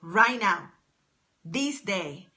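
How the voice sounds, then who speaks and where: A woman's voice: mid-range voice, animated, extremely slow, bright, forceful tone. A woman business coach giving an emphatic, exuberant motivational talk on a live stream from her home office. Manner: emphatic, exuberant, repetitive exhortations.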